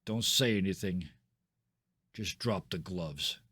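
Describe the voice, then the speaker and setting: A man's voice: deep voice, takes it slowly, pushed and bright, husky, no room sound, clean studio sound, voice pushed down, full character voice. A man doing a blunt, unbothered devil. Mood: commanding. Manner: offhand, matter-of-fact.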